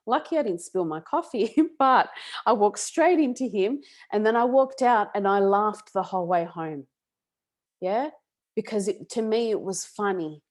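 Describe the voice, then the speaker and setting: A woman hosting a webinar on emotional healing, chatty and animated, often checking in with "yeah?" and "okay?". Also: mid-range voice. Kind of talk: casual talk to a webinar audience.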